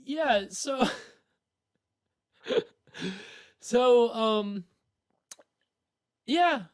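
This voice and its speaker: A man's voice: very high voice, very slow, smooth. A man hosting a livestream, chatting casually about an old movie in a rambling, playful way, laughing often. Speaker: livestream host.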